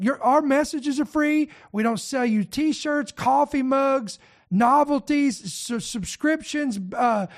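A man preaching a sermon in an emphatic, repetitive style, often restarting his phrases. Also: extremely high pitch.

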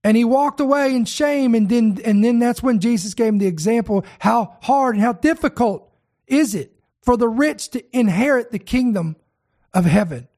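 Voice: mid-range voice, normal speed, a little mellow. A preacher delivering a sermon, speaking earnestly, repeating key words for emphasis and addressing the listeners directly.

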